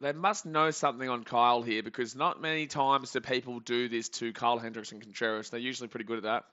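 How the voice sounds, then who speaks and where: Excitable Australian guy reacting live. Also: mid-range voice, fast, highs cut off. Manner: excitable, jokey, swings between muttering and shouting. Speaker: live-stream sports reaction host. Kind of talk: live play-by-play reaction chat.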